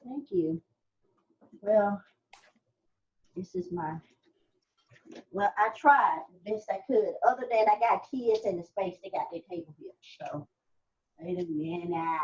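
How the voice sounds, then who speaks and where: A woman instructor talks over a video call from her home office, the audio slightly muffled and dull. She speaks in a stop-and-start way, pausing to fix her camera and board, with a middle-range voice. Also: medium pitch, animated, darkish tone. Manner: flustered, stop-and-start, keeps saying wait a minute. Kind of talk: casual video-call class chat.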